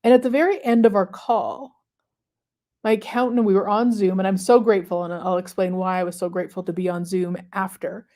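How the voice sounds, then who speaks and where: A woman hosting a live stream, talking casually and reflectively to viewers with many pauses and fillers. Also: mid-range voice, steady tone, mellow. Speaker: host of a manifestation livestream.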